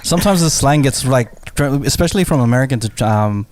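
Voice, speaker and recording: A man's voice: medium pitch, animated, a little fast, darkish tone. A man, a podcast co-host who rambles casually and fills his speech with "like.". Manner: rambling, filler-heavy. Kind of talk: casual chat.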